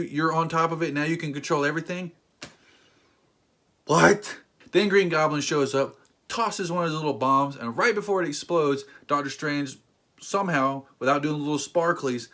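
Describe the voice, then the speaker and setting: A man's voice: fairly high pitch, a bit bright. A man reviewing a film in a ranting commentary, incredulous and emphatic, with sudden exasperated outbursts. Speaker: movie reviewer.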